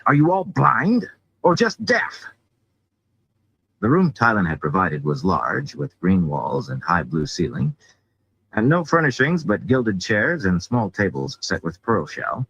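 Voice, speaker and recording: A man with a low, husky voice reads a fantasy novel aloud, his pitch rising and falling expressively. The sound is dull and lo-fi, as from a simple home microphone. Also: a bit bright, dry recording. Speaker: audiobook reader.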